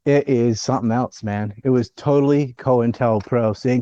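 A blunt, opinionated man rants through a casual political chat with a dark, mellow voice. The sound is dry and close, with a dull, lo-fi edge. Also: medium pitch, steady tone, normal speed, hardly any pauses, no echo.

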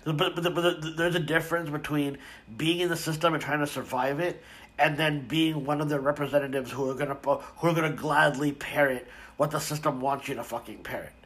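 A man's voice: on the high side, steady tone, a little fast, a bit bright. Rambling, profane man ranting casually. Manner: rambling, profane, many fillers and restarts.

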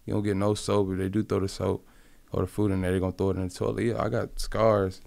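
A man from Compton tells his story casually, his speech rambling and thick with slang and profanity. His voice sits fairly low and has a gravelly, creaky texture. He is the interviewee, talking loosely and unscripted. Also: level tone, fast talker, darkish tone, dry recording. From Compton, California.

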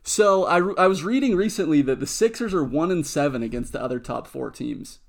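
A young man hosting a casual sports podcast, joking and firing quick questions at his co-host. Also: fairly high pitch, expressive, gravelly.

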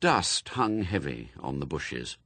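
Low husky guy reading a story, voice swings all over, super dry close sound. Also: sing-song, slow, a bit bright, no room sound. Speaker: audiobook narrator. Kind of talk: scripted narration.

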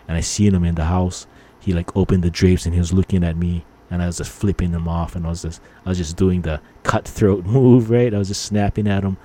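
Low, mellow middle-aged man telling stories. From Hawaii. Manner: rambling, fillers, acts out angry quotes. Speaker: podcast host. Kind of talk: casual storytelling monologue.

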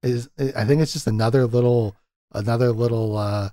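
Brief: male podcast host, mid-pitched, laughs a lot, dry close sound, acts out scenes in his retelling. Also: steady tone, normal speed, warm tone, no room sound. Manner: chatty, laughs often, acts out quotes from scenes. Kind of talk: casual film-discussion chat.

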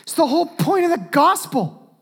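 Male pastor, sermon delivery, very animated, wide swings from shouting to near-whisper. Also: very high voice, moderate pace, creaky.

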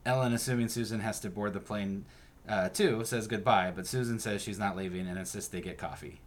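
A male podcast host recapping a TV episode in a steady narrating manner and chatting casually. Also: lowish voice, a little fast, slight background noise.

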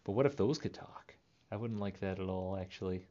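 A man's voice: deep voice, moderate pace, pauses often, warm tone, lo-fi sound. A man in his thirties rambling playfully in a casual monologue, laughing often. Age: 30s. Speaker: vlogger.

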